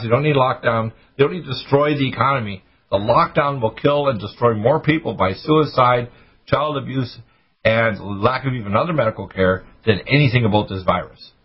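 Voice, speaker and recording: Male talk radio host, husky voice, fervent preachy ranter, muffled audio. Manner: preachy, urgent, rapid rants with sudden high bursts.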